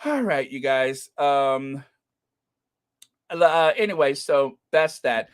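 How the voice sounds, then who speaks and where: Reading out comments and chatting with his audience, this live-stream host is gushing and excitable, speaking slowly at a medium pitch. He has a runny nose and keeps clearing his throat.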